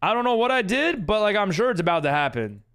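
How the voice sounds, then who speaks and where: A man's voice: sits high, very animated, fast talker, fairly bright tone, clean tone. A young man streaming, chatting casually with viewers, laughing often and using lots of fillers. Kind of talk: casual live-stream chat reading viewer messages.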